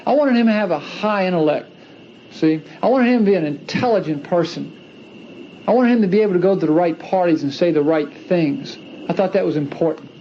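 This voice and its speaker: A man's voice: high-pitched, a little fast. A man giving an earnest personal religious testimony, emphatic and repeating key phrases for stress. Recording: dull lo-fi archive recording with faint hiss.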